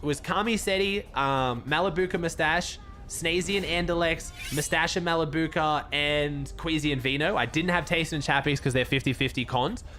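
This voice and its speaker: A man's voice: fairly high pitch, normal speed, bright, forceful tone, soft background music. A young Australian man streaming casually, laid-back and cursing freely as he thanks viewers and comments on the game.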